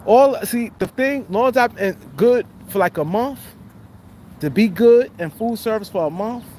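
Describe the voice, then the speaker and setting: High-voiced man rambling through a story. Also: animated, normal speed, a little mellow, slight background noise. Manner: rambling, heavy street slang, lots of fillers and restarts. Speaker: guest telling his life story. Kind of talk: casual storytelling.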